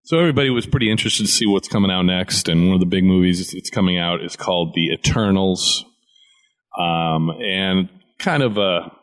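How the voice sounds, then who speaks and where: A man with a very deep, low voice talks in a casual chat. He explains things plainly and at a steady pace, adding fillers now and then. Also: brisk.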